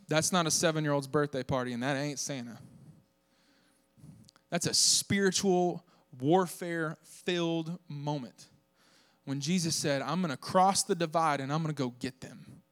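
Delivering a sermon to his church, this young Southern pastor has a voice that sits high for a man. His preaching is energetic and full of jokes, and he raises his voice to a shout to hammer home a point.

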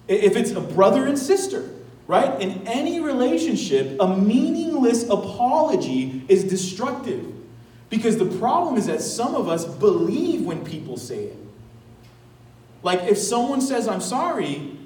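Lively high-voiced pastor in an echoey church. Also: male voice, recorded from a distance. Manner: conversational, animated preaching with asides and laughs. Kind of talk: sermon. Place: church sanctuary.

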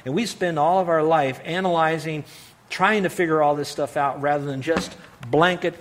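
A middle-aged man delivers a sermon in a slightly high-pitched voice. He speaks with earnest conviction, pushing hard on key phrases before easing into soft, reflective asides. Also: fairly even intonation, normal speed, a little hiss or hum. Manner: earnest preaching, rising to emphatic peaks and dropping to quiet asides. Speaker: pastor.

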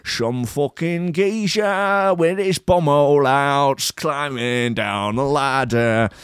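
A man's voice: mid-range voice, slow pace, clean tone, dry recording, clean studio sound, natural voice. A man putting on a swaggering Manchester accent to voice a crude, brash local bloke.

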